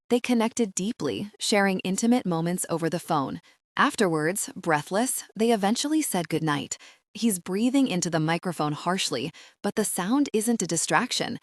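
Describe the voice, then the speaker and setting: A woman narrating a romance audiobook in the first person, soft, intimate and breathy. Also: medium pitch, animated, moderate pace, dry recording, clean studio sound.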